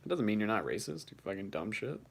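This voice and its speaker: A man's voice: fairly low pitch, very animated, fast, creaky, slight background noise. A young man hosting his first livestream, reading chat and reacting casually, swearing now and then, his voice shaking from the cold.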